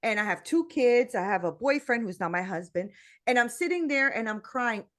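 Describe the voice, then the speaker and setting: A middle-aged woman, a guest and motivational speaker, tells her faith story in an earnest, animated way, full of casual fillers. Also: on the high side, normal speed. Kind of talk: personal faith testimony in conversation.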